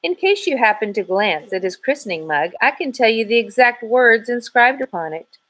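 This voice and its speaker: A woman voicing a bold, quick-witted teenage girl detective. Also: on the high side, big pitch swings, fairly bright tone, pitched above the performer's own voice. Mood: sassy.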